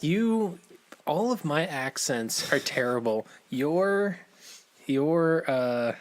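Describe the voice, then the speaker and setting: Slow-talking male podcast co-host. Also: a little high, lively intonation, no echo. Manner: rambling, laughs often, restarts phrases. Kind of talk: casual chat. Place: home basement.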